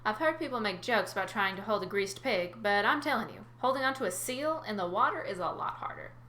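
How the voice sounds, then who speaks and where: Woman narrating a story, bright voice, chatty asides, roomy recording. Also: medium pitch, a little fast, slight background noise. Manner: lively, chatty asides to listeners. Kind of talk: first-person story reading with casual asides.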